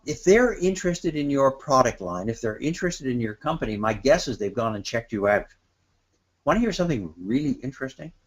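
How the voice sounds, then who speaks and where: A man presents a webinar in a lively, talkative manner, with his pitch swinging widely up and down as he makes his points. He sits at a middle pitch for a man and now and then mimics other people in a higher voice. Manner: animated, acts out quoted trade-show exchanges in a higher voice. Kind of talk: lively instructional talk. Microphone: webinar microphone.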